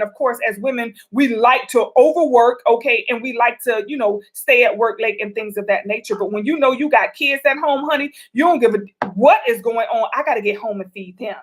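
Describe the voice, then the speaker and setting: A woman's voice: high voice, a bit bright. A woman hosting a casual advice vlog, talking chattily to viewers with colloquial asides as she answers their questions. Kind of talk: casual relationship advice talk.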